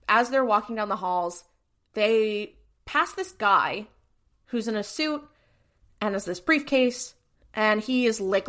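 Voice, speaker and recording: A woman co-hosting a podcast, retelling episodes in casual chat and acting out quick character voices. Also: a little high, a bit bright. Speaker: podcast co-host.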